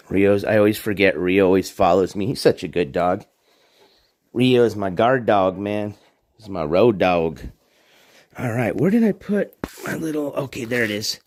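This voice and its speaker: A man in a relaxed, rambling livestream chat, full of fillers and easy laughs. His voice sits low, and the sound is dry and close. He is recorded on a handheld phone as he walks between his yard and house. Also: normal speed, no echo. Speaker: livestream host. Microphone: handheld phone on a gimbal.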